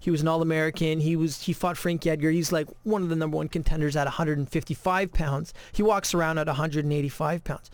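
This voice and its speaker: A man co-hosting a podcast, telling animated stories in casual chat, with many repeated starts. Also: fairly high pitch, fast, few pauses. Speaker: podcast co-host.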